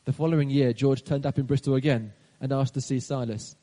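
A man's voice: mid-range voice, fairly even intonation, brisk, mellow. A man preaching a sermon, telling a story with some hesitations and restarts. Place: church hall. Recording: long hall reverb.

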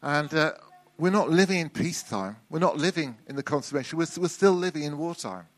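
Man, middle-aged, preacher, conversational sermon, repeats and restarts, slightly high voice. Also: lively intonation, brisk.

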